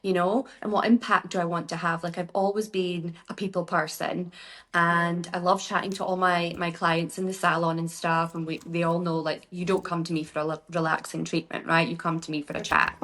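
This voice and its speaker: A Scottish woman speaks as a podcast guest with a somewhat low-pitched voice. Her talk is chatty and rambling but upbeat, running from one thought to the next. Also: flat delivery, brisk, a bit bright. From Scotland. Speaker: guest, beauty business founder. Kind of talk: casual podcast interview.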